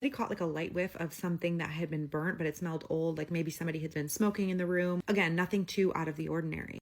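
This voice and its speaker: A woman's voice: lowish voice, fairly even intonation, quick pace. A woman telling a creepy hotel story in a casual, chatty way, acting out the people's lines with lots of fillers. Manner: chatty retelling with quoted voices and "like" fillers.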